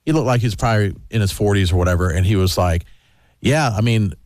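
A man's voice: fairly low pitch, fast talker, darkish tone, no echo, clean studio sound. A middle-aged man hosting a radio show who tells a story in casual chat and acts out other people's lines.

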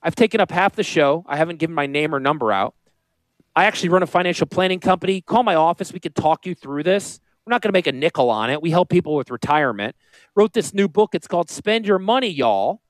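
A man with a northern US accent hosting a radio show, talking in a high-pitched voice, joking and rambling off on tangents. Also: fast talker, dry recording. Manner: animated, joking, goes off on tangents. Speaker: radio show host and financial planner.

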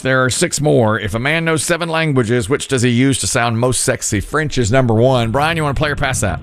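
A man hosting a game on a radio show, with quick announcer patter and the question repeated again and again. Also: medium pitch, a little hiss or hum.

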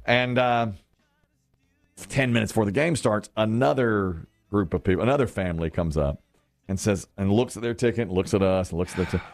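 A man co-hosting a morning radio show, telling stories in casual chat and jumping into high voices for quotes. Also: brisk, soft background music. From American South. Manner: animated storyteller, jumps to high voices for quotes.

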